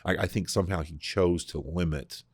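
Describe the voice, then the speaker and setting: A man hosting a podcast, explaining scripture in a casual, animated way, often restarting his sentences. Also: sits low, normal speed, breathy edge, no echo. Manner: animated, full of restarts and repeated words. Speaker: podcast host discussing scripture. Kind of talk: casual conversational Bible teaching.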